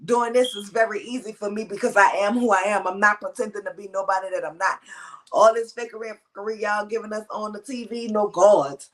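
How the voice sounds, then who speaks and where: A woman co-hosting a casual livestream chat, loud and brash, ranting with a lot of attitude. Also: mid-range voice, fairly even intonation, fast. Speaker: co-host.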